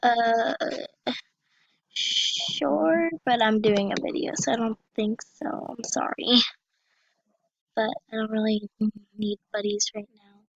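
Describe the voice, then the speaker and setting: A female YouTuber chatting casually over her gameplay. She is excitable and often drops to a whisper. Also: on the high side, takes it slowly, vocal fry, long pauses, no room sound, muffled recording. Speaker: YouTuber playing an online game.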